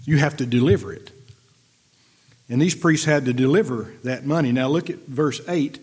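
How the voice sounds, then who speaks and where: A man's voice: mid-range voice, normal speed, darkish tone, slightly rough. A middle-aged man preaching a folksy, conversational sermon and reading verses aloud. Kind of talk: sermon teaching from scripture.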